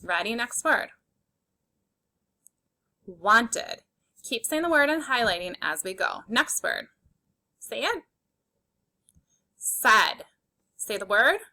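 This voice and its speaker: A woman's voice: a little high, sing-song, sharp tone. A woman teaching a phonics reading lesson to young children, sounding out letters one by one and cheering them on. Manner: slow, clear, encouraging; sounds out letters one by one.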